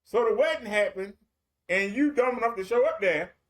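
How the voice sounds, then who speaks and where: Guy preaching w a really high voice, chatty, repeats himself a lot, tells little stories. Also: moderate pace, a bit bright. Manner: repetitive, colloquial, vivid storytelling. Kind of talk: streamed sermon.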